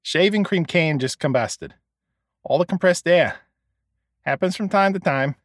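A man's voice: a little high, lively intonation, a little slow, no room sound, clean studio sound, pitched above the performer's own voice. A man voicing a friendly middle-aged shopkeeper with a Boston accent, affable and easygoing in manner. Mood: reassuring.

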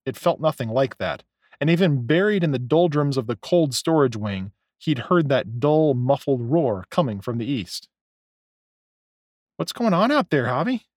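A man narrating a novel as an audiobook, in a measured, expressive storytelling way. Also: mid-range voice, dry recording, clean studio sound. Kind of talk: scripted narration.

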